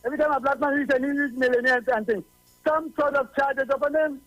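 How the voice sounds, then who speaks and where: A man's voice: extremely high pitch, steady tone, fairly quick, fairly bright tone, no room sound, faint music behind. Preachy Trinidadian man on a dull line. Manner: preachy, repeats himself for emphasis. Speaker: radio caller. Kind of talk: call-in radio talk.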